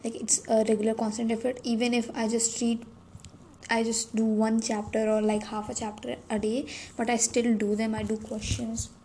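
A young adult woman hosts a solo podcast, rambling and self-deprecating with many restarts. Her voice is a little high and dark-toned, with a level delivery at normal speed, in a low-quality recording with faint background noise.

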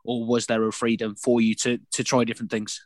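A man's voice: mid-range voice, monotone, brisk, dry recording. A man interviewing a guest, asking long, rambling questions with restarts.

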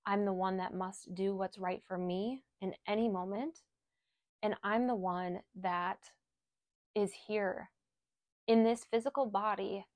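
A woman working as a spiritual guide, leading affirmations and reflection in a gentle, slow way and repeating each phrase. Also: mid-range voice, no echo, clean studio sound.

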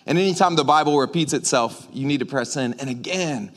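A man's voice: a little high, fast talker. A man preaching a casual, joking sermon to his church, talking with the congregation as he goes. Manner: joking, conversational, animated preaching with audience asides. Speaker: pastor. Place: church sanctuary.

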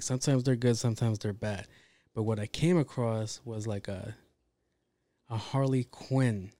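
A man's voice: mid-range voice, darkish tone, no echo. A man hosting a podcast, talking in a casual, rambling monologue full of swearing and self-interruptions. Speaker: podcast host.

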